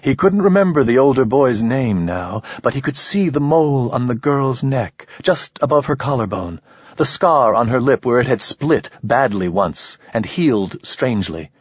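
A man reading a novel aloud in steady, even scripted narration. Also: medium pitch, moderate pace, slightly rough, dry recording, highs cut off. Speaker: audiobook narrator.

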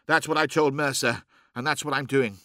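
A man's voice: medium pitch, fairly even intonation, normal speed, pushed and bright, no echo, clean studio sound, close to an everyday voice. A man voicing a grim, distracted male warrior set on marching to war.

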